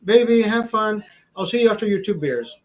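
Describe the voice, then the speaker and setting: A man voicing a cheerful woman on the phone, breezy and permissive, pitched well above his own voice. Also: animated, brisk, lightly acted.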